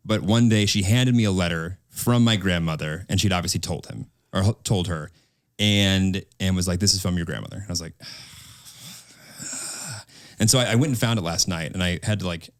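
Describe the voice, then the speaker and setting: A man with a low, deep voice shares a personal story in casual podcast chat. He is earnest and halting, restarting his sentences. The sound is close and dry. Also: dry recording. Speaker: podcast co-host.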